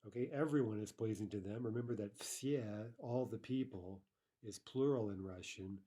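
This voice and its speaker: Low, dark-voiced man teaching a lesson. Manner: explanatory, slows to read Russian examples aloud. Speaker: Russian language teacher. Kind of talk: recorded language lesson.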